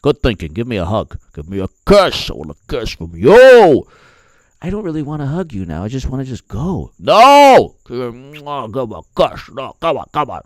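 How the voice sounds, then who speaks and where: A man's voice: medium pitch, very animated, moderate pace, darkish tone, dry recording, clean studio sound, lightly acted. A man voicing a pushy man who insistently wheedles for a kiss in a mocking skit. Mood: pleading.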